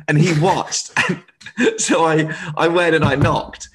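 A man, a stand-up comedian, telling a lively story in casual chat, laughing as he goes. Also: fairly high pitch, measured pace.

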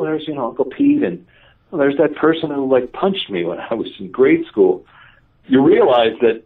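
Animated man on a tinny phone line. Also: medium pitch, recorded from a distance. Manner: lively, self-mocking, quick asides, acts out dialogue. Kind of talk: animated personal storytelling.

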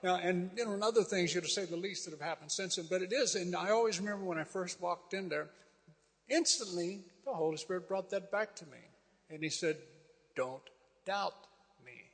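A man's voice: sits high, brisk. A man giving a rambling, folksy testimony in sermon style, with many fillers. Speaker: guest speaker sharing a testimony. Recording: long hall reverb.

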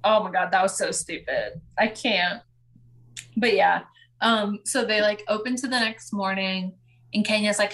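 With a mid-range voice at a moderate pace, a young woman co-hosting a casual podcast walks through a reality show recap. She laughs frequently and acts out quotes in an animated way.

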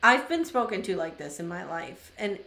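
A woman's voice: fairly low pitch, big pitch swings, moderate pace, vocal fry, bright, forceful tone, a little hiss or hum. A woman co-hosting a podcast, giving her opinion in thoughtful, emphatic casual chat and often restarting to find her words. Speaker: podcast co-host. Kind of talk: casual chat recapping a TV episode. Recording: roomy echo.

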